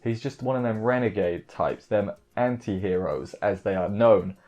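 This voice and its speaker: A man's voice: lowish voice, moderate pace, darkish tone. A man giving a casual, rambling recap of an anime episode, full of fillers and self-corrections. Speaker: anime reviewer. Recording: dull lo-fi audio with faint music.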